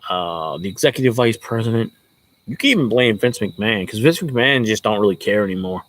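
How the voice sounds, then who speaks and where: A man's voice: on the low side, expressive, a little fast. A man who vlogs as a sports fan, ranting in a casual, rambling way with a lot of swearing and jokes. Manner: profane, joking, rambling.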